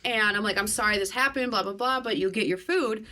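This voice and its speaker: A woman's voice: mid-range voice, brisk, bright, forceful tone, slight background noise. A woman guest in a casual podcast chat, telling a story with animation, acting out both sides of the conversation and swearing freely.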